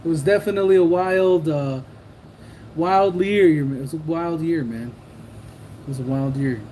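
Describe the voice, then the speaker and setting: A man with a slightly high, dark-toned voice hosts a casual livestream at a measured pace, reading comments while he rambles, jokes, laughs often, and mimics people. The audio is poor, with a little hiss or hum.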